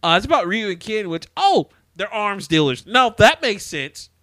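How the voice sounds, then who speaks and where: A man co-hosting a podcast in casual chat, animated and quick to laugh as he rants about bad movies. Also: high-pitched, no echo, clean studio sound. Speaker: podcast co-host.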